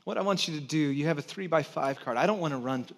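A pastor preaching a conversational sermon to his church, swinging between loud emphasis and hushed, quiet stretches. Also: a little high, fast.

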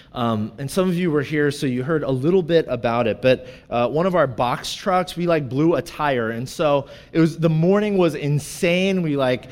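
A man in his thirties preaching from a church stage, his voice sitting notably high for a man. He tells stories in an animated, joking way and pokes fun at himself. A long reverb from the hall trails every phrase. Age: 30s. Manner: animated, self-deprecating and joking. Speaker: pastor. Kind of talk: sermon with personal storytelling.

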